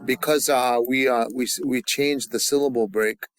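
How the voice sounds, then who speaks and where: A man teaching a language class, leading the students through call-and-response drills and pausing often with fillers and restarts. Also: medium pitch, steady tone. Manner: halting, with many fillers and restarts. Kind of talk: classroom grammar lesson.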